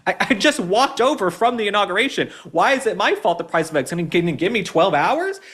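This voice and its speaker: A man puts on a defensive older president, whining that nobody will give him a moment. The voice sits high and swings around a lot, in a complaining, put-upon tone. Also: sing-song, fairly quick, fairly bright tone. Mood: exasperated.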